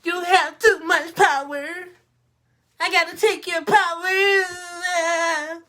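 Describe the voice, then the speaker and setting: A man's voice: fairly even intonation, takes it slowly, sharp tone, exaggerated voice. Man putting on a whiny spoiled man-child lawmaker. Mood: whiny petulant. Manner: mocking, whining, high-pitched.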